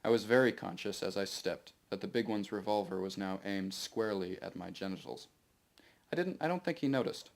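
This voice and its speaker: A man reading his own novel aloud to a live audience in steady first-person narration. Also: deep voice, a little fast, creaky.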